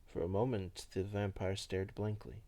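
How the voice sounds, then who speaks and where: Gravelly, low-voiced male narrator. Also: level tone, moderate pace, dark tone. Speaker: audiobook reader. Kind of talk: novel narration.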